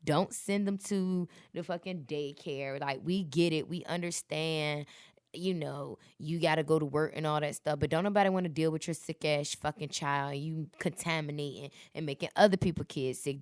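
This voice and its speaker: A woman's voice: low voice, steady tone, moderate pace, darkish tone, clear, resonant tone, no echo, studio quality. A woman in her thirties hosting a casual solo podcast, talking bluntly with lots of cursing and preachy pep talk. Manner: profane, blunt, preachy and motivational. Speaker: podcast host.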